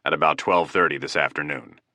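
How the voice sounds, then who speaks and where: A composed, unflappable FBI agent, voiced by a male audiobook narrator. He speaks evenly in a deep register. The recording is dry and close. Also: fairly quick, no room sound, heavily acted. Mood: calm. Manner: even, composed.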